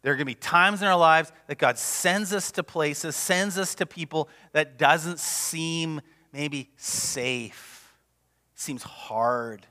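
A man preaching a sermon as pastor, passionate and emphatic, sometimes dropping to a hush. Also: a little high, slow. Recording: long reverb of a large hall.

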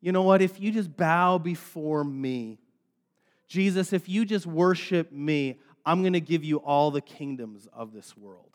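Pastor doing a tempting devil, smooth persuasive coaxing, slightly high voice, told in a sermon. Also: male voice, unhurried, close to an everyday voice. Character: male devil tempting with easy promises. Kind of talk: sermon retelling.

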